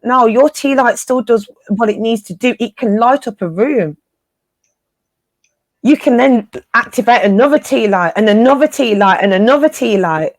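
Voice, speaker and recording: A woman's voice: fairly high pitch, normal speed, no room sound. A woman co-hosting a casual spiritual live chat, encouraging her listeners and often repeating phrases for emphasis in informal, slangy speech.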